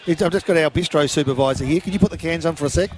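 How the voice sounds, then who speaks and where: A man chatting as a guest on a radio show, easygoing and relaxed. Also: a little high, racing. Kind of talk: casual banter on air.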